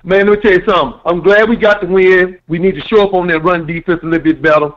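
Man, high-pitched caller, animated, preachy, muffled phone audio. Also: fast talker. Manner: animated, preachy, addresses the fans. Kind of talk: casual phone call-in.

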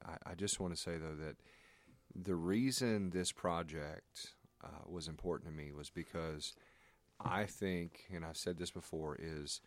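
A man hosts a casual faith conversation, affirming his guest and offering thoughtful reflections. His voice is very deep. The sound is dry and close. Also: dry recording.

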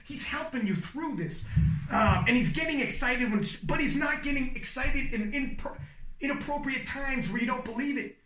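A man talking casually about sports commentary, animated and swearing freely, acting out excited play-by-play calls. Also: very high voice, fairly quick, reverberant, far from the mic. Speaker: powerlifting commentator. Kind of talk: casual podcast chat giving advice.

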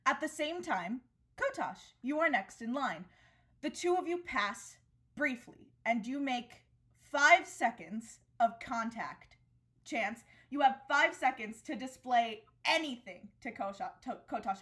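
A woman narrating a tabletop game as game master, speaking in a lively way over a video call. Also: on the high side. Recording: video call with faint music.

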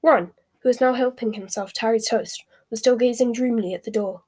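A woman narrating a storybook in a steady, measured way. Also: a little high, breathy edge. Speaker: audiobook narrator. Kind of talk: scripted narration.

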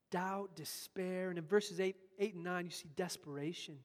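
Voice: mid-range voice, a little fast, few pauses. Emphatic preacher in a reverberant hall. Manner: emphatic, swings between loud urgent passages and hushed asides. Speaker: pastor. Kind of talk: sermon.

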